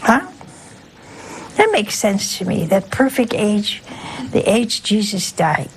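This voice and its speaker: A woman's voice: medium pitch, sing-song, takes it slowly, slight background noise, rough recording. An older woman, a nun, giving a folksy sermon full of rhetorical questions and asides to her listeners. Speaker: nun preaching a talk.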